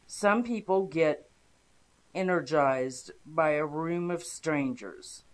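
A narrator giving a calm, steady, scripted reading of first-person inspirational stories. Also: medium pitch.

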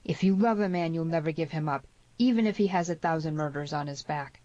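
A woman's voice: deep voice, brisk, warm tone, dry recording, muffled recording, lightly acted. A woman voicing a grave, stern frontier man.

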